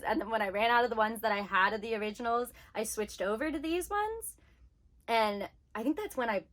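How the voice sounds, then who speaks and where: A woman talks to her camera in a casual vlog, her voice sitting a little higher than most. She rants animatedly and fills her sentences with "like". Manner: animated ranting, heavy use of "like". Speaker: book vlogger.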